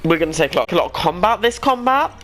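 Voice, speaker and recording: A man with a voice on the higher side talks through a card game as he plays it, rambling and making fun of himself. His commentary is loose and conversational. Soft game music plays faintly behind him. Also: big pitch swings, fast. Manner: thinks aloud, rambling and self-deprecating. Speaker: gaming YouTuber. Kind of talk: casual let's-play commentary.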